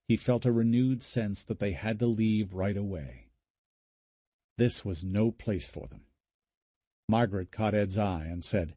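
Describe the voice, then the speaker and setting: A man reading a horror novel aloud with a low, dark voice. There is a husky edge to it and the sound is dry and close. His delivery is measured and even. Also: dry recording. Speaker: audiobook narrator. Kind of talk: scripted narration.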